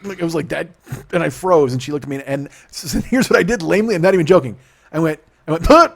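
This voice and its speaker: A man's voice: on the high side, quick pace, gravelly. Profane man telling a story. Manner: profane, animated retelling with quoted dialogue. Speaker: podcast host. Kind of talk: casual storytelling.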